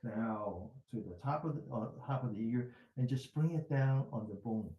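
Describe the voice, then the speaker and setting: A man calmly talking a group through self-massage, step by step, sometimes whispering softly. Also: medium pitch, normal speed, lo-fi sound. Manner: calm step-by-step directions, drops to a soft whisper for repeated words. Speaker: mindfulness instructor. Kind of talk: guided self-massage instruction. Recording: echoey room.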